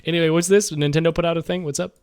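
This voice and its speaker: High-voiced young man streaming games. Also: smooth, no room sound, studio quality. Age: 20s. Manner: animated, rambling, quick to rant. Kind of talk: casual livestream commentary while gaming.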